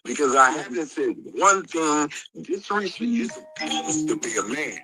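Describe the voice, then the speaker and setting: A furious man in a heated livestream argument hurls curses and repeats the same insults again and again. His bright, forceful voice climbs high and swoops all over, and the sound is close and dry. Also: big pitch swings, moderate pace, slightly rough, no room sound, faint music behind, poor audio. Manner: angry, profane, repeats insults. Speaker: livestream participant. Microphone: streaming call mic.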